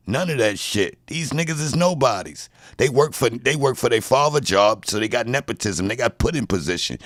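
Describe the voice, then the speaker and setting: A man's voice: mid-range voice, animated, a little fast, hardly any pauses. A man, trash-talking and mocking his chat viewers during a casual livestream rant.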